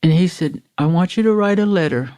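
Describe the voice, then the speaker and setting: A woman's voice: lowish voice, lively intonation, brisk, mellow. A middle-aged woman from Florida, a podcast guest, giving an earnest, emotional personal recovery testimony and acting out the quotes she retells. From Florida, USA.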